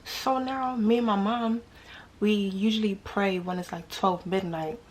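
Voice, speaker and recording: A woman's voice: medium pitch, steady tone, a little slow, a little hiss or hum. A young woman with a New York accent telling a dating story casually to her viewers, slangy and full of rhetorical questions.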